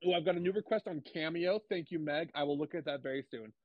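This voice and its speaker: A man's voice: a little high, fast talker, no room sound, highs cut off. A young man as an interview guest, talking eagerly and gushingly, repeating himself with lots of restarts. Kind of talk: casual interview chat.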